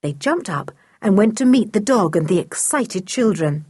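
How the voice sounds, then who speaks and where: A woman narrating a children's audiobook with an expressive reading. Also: mid-range voice, moderate pace, slightly rough, no echo, clean studio sound. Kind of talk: storybook narration.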